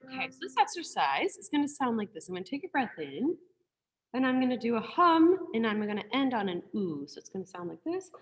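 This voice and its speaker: A woman teaching a singing class over a video call, giving gentle, encouraging warm-up instructions from her piano. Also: fairly high pitch, big pitch swings, a little fast, long reverb tail. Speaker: choir teacher. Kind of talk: online group singing lesson. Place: room with a piano.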